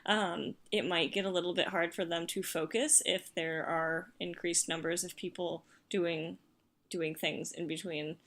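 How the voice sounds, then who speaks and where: A woman's voice: on the low side, fairly even intonation, unhurried, fairly bright tone. A woman in casual chat, tentatively sharing opinions with many fillers. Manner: tentative, rambling with many likes. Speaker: podcast guest player.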